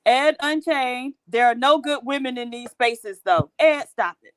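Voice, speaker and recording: A woman's voice: sits high, unhurried, over a noisy crowd. A woman co-hosting a live stream, playfully reading out super chats and teasing.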